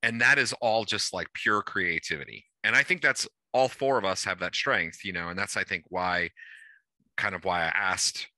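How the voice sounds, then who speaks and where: Man with a sharp, bright voice explaining rules. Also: fairly low pitch, no echo. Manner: rambling, thinks aloud with restarts. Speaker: game organizer. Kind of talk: casual explanation of game rules.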